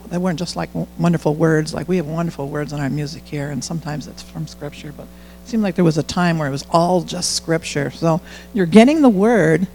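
A man's voice: on the high side, vocal fry, darkish tone, a little hiss or hum, low-quality recording. A middle-aged man giving a candid, conversational testimony in church, often quoting his own prayers aloud. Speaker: church speaker sharing testimony. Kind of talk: informal sermon testimony.

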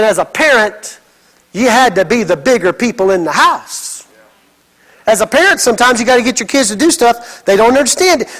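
A middle-aged man preaching a sermon, telling stories with lively acted quotes. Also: sits high, rough recording. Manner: animated storytelling with acted quotes. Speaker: pastor.

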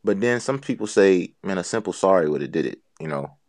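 A man's voice: sits low, expressive, brisk, darkish tone, no echo, clean studio sound. A man co-hosting a casual podcast chat, talking earnestly and rambling with lots of filler phrases. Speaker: podcast co-host.

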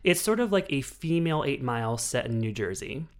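A man in a relaxed podcast conversation, telling stories with lots of energy and laughter. His voice sits in an ordinary middle pitch and he slips into high, exaggerated voices when quoting people. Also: fairly quick. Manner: animated storyteller, breaks into high-pitched quoted voices and laughs often. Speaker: podcast host. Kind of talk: casual chat.

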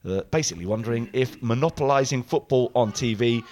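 A man's voice: mid-range voice, fast talker, darkish tone, a little hiss or hum. A man hosting a football podcast, introducing listener emails with dry, wry remarks. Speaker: podcast host. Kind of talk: casual chat, reading listener emails.

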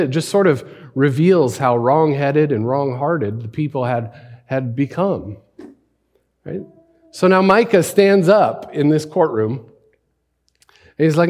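A man's voice: a little high, lively intonation, slow, long pauses, darkish tone. A man preaching a sermon as pastor, conversational, often asking rhetorical questions and adding "right?".

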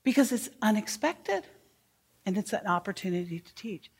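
A woman's voice: medium pitch, lively intonation, normal speed, vocal fry, husky. A woman educator giving a workshop talk to teachers, speaking emphatically and asking the room questions. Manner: emphatic, asks the audience questions.

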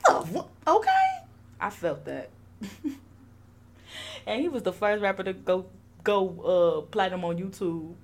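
A woman's voice: lowish voice, measured pace, long pauses. A young woman hosting a podcast, chatting casually with lots of laughter and swearing. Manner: animated, laughing, profane. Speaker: podcast host.

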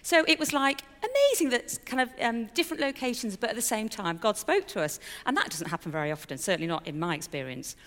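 A woman's voice: fairly high pitch, very animated, quick pace, few pauses, fairly bright tone, in a large hall. A middle-aged woman giving a personal testimony in a candid, chatty storytelling way with fillers and a touch of self-mockery. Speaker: speaker sharing a personal testimony.

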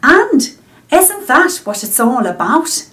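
A chatty working-class Liverpool amateur actress, put on by a woman, with an attempted Scouse accent and a sing-song, earnest manner. Her voice is fairly high, swings widely in pitch, and moves at an unhurried pace. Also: big pitch swings, fairly bright tone, exaggerated voice. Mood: enthusiastic. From Australia. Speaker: vocal coach.

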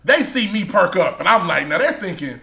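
High, lively man telling a story. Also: brisk, vocal fry, a crowd in the background. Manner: animated, laughing storyteller, profane slang. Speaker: podcast co-host. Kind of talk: casual storytelling chat.

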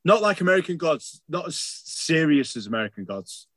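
A man's voice: on the high side, very animated, moderate pace, a bit bright, no room sound. A man chatting casually on a podcast, rambling and enthusiastic, swearing freely. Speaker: podcast co-host.

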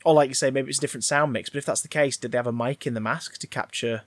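A man's voice: medium pitch, racing, dry recording. A man casually discussing a film, rambling and swearing with frequent restarts.

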